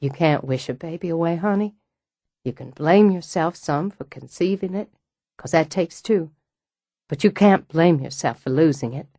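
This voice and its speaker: Brisk, warm-hearted mature woman read by a woman, firm, low, comforting, audiobook. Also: no room sound.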